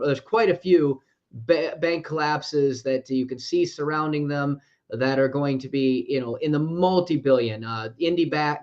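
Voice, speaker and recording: A man co-hosting a finance podcast, talking in a rambling, conversational way and correcting himself as he goes. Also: fairly high pitch. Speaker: podcast co-host. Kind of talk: casual podcast chat about money. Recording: dull lo-fi podcast audio.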